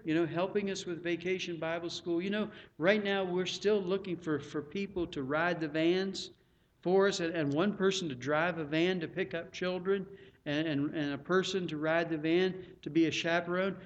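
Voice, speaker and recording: A middle-aged male pastor preaching a sermon, earnest and pleading, building to loud emphatic peaks. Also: fairly high pitch, normal speed, highs cut off.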